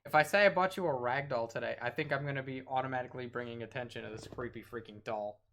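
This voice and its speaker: A man's voice: mid-range voice, fast talker, fairly bright tone, slight background noise. A man streaming a horror game, reading its text aloud and dropping wry asides, sometimes tripping over his words.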